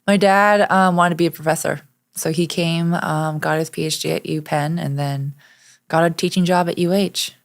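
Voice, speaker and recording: A woman's voice: sits low, normal speed. A woman from Hawaii, a former pro golfer, chatting as an upbeat guest in an interview. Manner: upbeat, animated. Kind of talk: casual interview chat.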